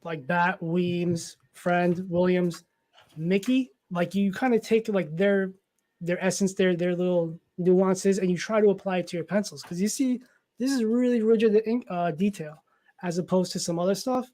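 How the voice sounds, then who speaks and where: A man's voice: sits high, normal speed, mellow. A man from New Jersey chatting casually on a comics livestream, rambling and self-deprecating, with the odd swear. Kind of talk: casual livestream chat about comic art.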